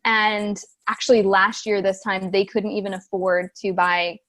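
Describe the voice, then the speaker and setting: A business coach in her thirties talks casually as a podcast guest, telling stories with animation and acting out the voices of people she quotes. Her voice is medium in pitch and unhurried.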